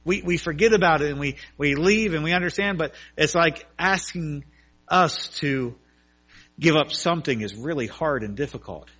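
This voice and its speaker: Man preaching, fairly high voice, very bright tone, earnest story-driven sermon. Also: expressive, moderate pace. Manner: earnest storytelling, rising to fervent emphasis. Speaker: pastor.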